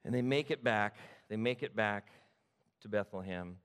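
A man from the Sacramento area preaching a sermon, retelling the story with animated repetition. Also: lowish voice, normal speed, clear, resonant tone, long reverb tail. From Sacramento area, California. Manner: animated storytelling, repeats phrases. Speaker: pastor.

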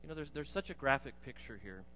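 A man preaching a sermon, swinging between loud emphatic bursts and quiet low asides. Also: lively intonation, quick pace, a little hiss or hum. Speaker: pastor. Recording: dull lo-fi sound in a reverberant hall.

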